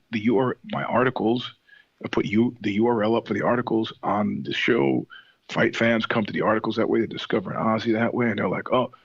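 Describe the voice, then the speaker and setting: A low, gravelly man with a husky edge tells a long story in a casual, profane, digressive way. He acts out the other people in the story as he goes. The recording is dry and a little dull. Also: fairly bright tone, no echo. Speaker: podcast guest, singer.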